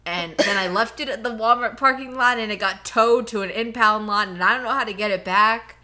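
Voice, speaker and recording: A woman's voice: on the high side, brisk, pushed and bright. A woman co-hosting a podcast, ranting and rambling in casual chat. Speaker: podcast co-host.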